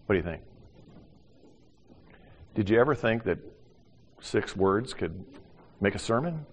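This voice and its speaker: An older man preaching a sermon as pastor, animated, acting out little voices and swinging from loud to hushed. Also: fairly low pitch, a little slow, husky. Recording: long hall reverb.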